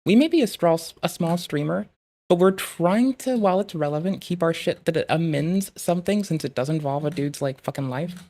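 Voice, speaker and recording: A woman's voice: on the low side, brisk, dark tone. A woman streamer chatting casually, rambling and swearing with self-mocking humor while reading old newspaper ads aloud.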